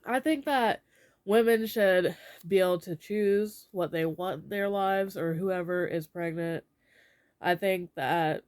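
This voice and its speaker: Young adult vlogger, smooth voice, middle pitch, opinionated, rambling, filler-heavy. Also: unhurried. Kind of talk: casual opinion vlog.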